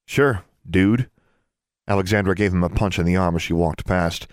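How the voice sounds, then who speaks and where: A man reading a novel aloud as narrator, steady and measured. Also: deep voice, no room sound, studio quality. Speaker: audiobook narrator. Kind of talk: scripted audiobook narration.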